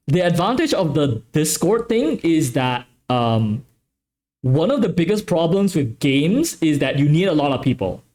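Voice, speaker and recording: A man's voice: a little high, darkish tone. A man from Malaysia with a westernized English accent, hosting a casual stream chat in a talkative, playfully self-correcting way. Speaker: streamer hosting a tabletop game channel.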